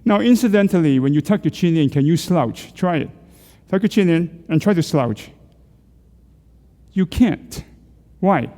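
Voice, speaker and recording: A man's voice: a little high, expressive, measured pace, mellow, big-room sound. Man coaching a stretching class. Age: middle-aged or older. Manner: coaching, asks the group questions, light jokes. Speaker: health instructor leading neck exercises. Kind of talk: live group exercise class. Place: church hall.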